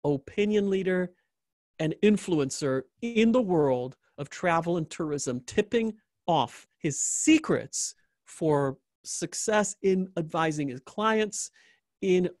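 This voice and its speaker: Male interview host, enthusiastic and jokey, pitched a bit high, dry sound. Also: slow pace, no room sound. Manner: animated, joking, repeats phrases for emphasis. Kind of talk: enthusiastic closing endorsement.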